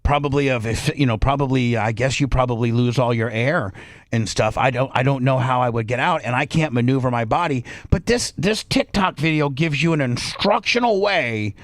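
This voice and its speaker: A man's voice: medium pitch, normal speed, no echo. A man hosting a talk radio show, telling a personal story in casual chat and acting out his own panicked voice.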